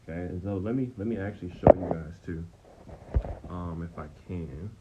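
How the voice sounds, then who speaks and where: A man's voice: deep voice, moderate pace. A man teaching a casual Bible study lesson, talking conversationally and checking in with "okay?" after nearly every point. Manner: conversational, frequent "okay?" check-ins, repeats himself. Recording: dull, slightly lo-fi sound with faint noise.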